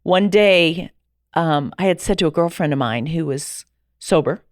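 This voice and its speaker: A middle-aged woman telling her personal story as a podcast guest, lively and acting out the dialogue she remembers. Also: sits low, unhurried, dry recording, clean studio sound. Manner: animated, acts out quoted dialogue.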